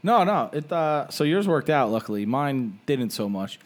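Animated, profane male storyteller. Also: mid-range voice, normal speed. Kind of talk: casual storytelling chat.

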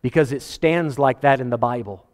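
A man preaching a sermon as pastor, animated, quoting scripture and acting out voices with a chuckle now and then. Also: medium pitch, normal speed, in a large hall. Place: church sanctuary.

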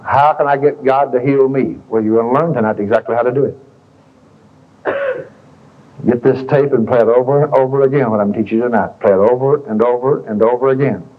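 Husky folksy preacher on old tape. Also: male voice, mid-range voice. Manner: folksy, colloquial, repetitive. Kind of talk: sermon with storytelling. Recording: dull lo-fi tape recording.

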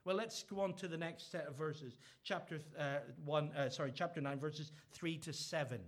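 A man's voice: a little high, normal speed. A middle-aged man from Ireland, preaching a sermon with earnest, emphatic repeated phrases. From Northern Ireland.

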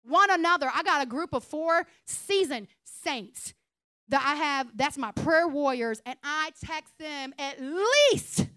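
Lively, blunt young woman pastor. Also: high-pitched, slow pace, no echo. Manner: blunt, humorous and animated, laughs often. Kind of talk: conversational sermon. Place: church sanctuary.

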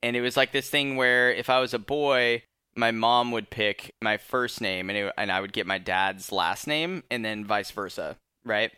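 Young guy podcast host, bright forward voice, dry close sound, loose rambly chat. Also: medium pitch, normal speed, clean tone, no room sound. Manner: laid-back, rambling with fillers and laughs. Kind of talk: casual chat.

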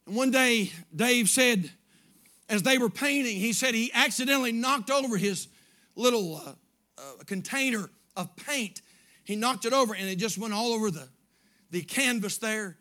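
High, bright-voiced preacher shouting his sermon. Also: moderate pace. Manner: preaches in rising, shouted bursts, then drops low and quiet; acts out prayers and quotes in a pleading voice. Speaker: pastor. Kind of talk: fervent revival sermon.

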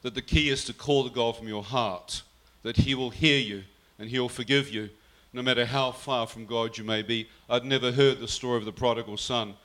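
Man, bright forceful voice, earnest storytelling. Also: medium pitch, fairly even intonation, moderate pace, few pauses. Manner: earnest, quotes his mother's words. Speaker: guest telling his testimony. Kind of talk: personal storytelling.

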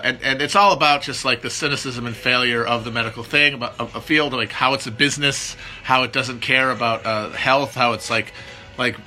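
A man's voice: mid-range voice, sharp tone. A man chatting casually and rambling, with many fillers and restarts. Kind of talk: casual chat.

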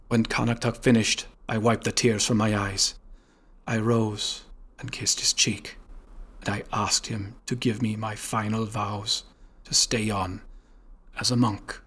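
Husky man reading solemnly. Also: lowish voice, flat delivery, slow, fairly bright tone. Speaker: audiobook narrator. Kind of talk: scripted narration.

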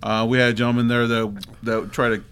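Bright, rambling man telling stories. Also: mid-range voice, flat delivery, fairly quick, clean tone. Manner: rambling storyteller, acts out his own reactions. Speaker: guest co-host, former bouncer. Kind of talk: casual podcast chat.

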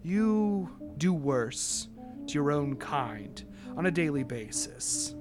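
A man voicing a cold, menacing military colonel who makes slow, quiet threats. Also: fairly high pitch, sing-song. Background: background music.

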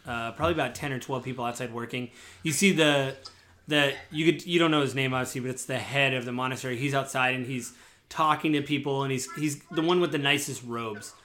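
A man's voice: mid-range voice, fairly quick, pushed and bright. A man narrating as game master of a tabletop game, loose and rambling with lots of fillers.

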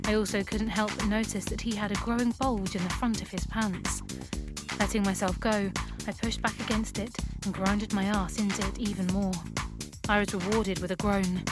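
A woman reading a first-person erotic story aloud in a calm, even storytelling voice. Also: medium pitch, normal speed, loud music behind the voice. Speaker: narrator.

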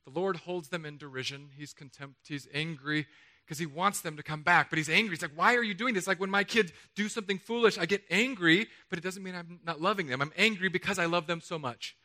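A man in his thirties preaching a sermon from a church stage, animated and jokey, acting out the lines he quotes. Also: a little high, brisk. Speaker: pastor. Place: church stage under hot lights.

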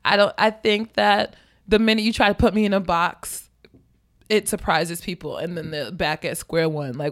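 A woman, a podcast guest in casual chat, talking frankly and reflectively with small restarts. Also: fairly low pitch. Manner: frank, reflective, a little halting.

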